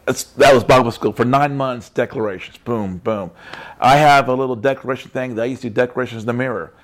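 Man, Christian testimony talk, emphatic, repetitive, mid pitch. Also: fast. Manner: repetitive, emphatic, frequent "right?" tags. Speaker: Christian speaker.

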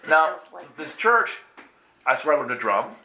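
A man's voice: on the high side, sing-song, measured pace, a crowd in the background. A man animatedly telling a faith story, acting out dialogue and laughing often. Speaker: guest telling a testimony. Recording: echoey room with faint ambience.

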